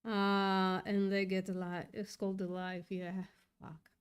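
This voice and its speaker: A woman's voice: mid-range voice, completely flat delivery, takes it slowly, smooth. A woman hosting a casual livestream, upset and thinking aloud, swearing often as she reads chat. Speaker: livestream host reading chat.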